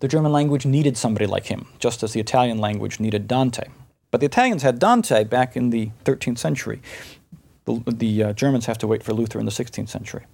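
A middle-aged man lectures with a gravelly edge to his mid-range voice. He explains patiently, posing rhetorical questions and checking in with "right?" as he goes. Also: mid-range voice, fast talker, darkish tone. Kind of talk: recorded lecture.

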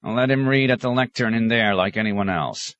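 A man's voice: moderate pace, a bit bright, dry recording, natural voice. A man voicing an aged, querulous male monk librarian who snaps and rants indignantly. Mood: suspicious. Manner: indignant, snapping, shrill outbursts.

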